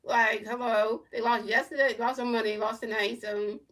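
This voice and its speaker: A woman doing casual play-by-play commentary as a livestream host, an excited fan calling plays and chatting with viewers. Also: on the high side, normal speed, recorded from a distance.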